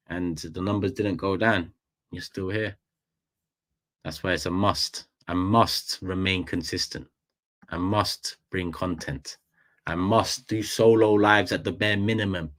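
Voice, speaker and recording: A man with a London accent hosting a casual livestream, animated and slangy, repeating phrases for effect. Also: low-pitched. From England. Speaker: livestream host.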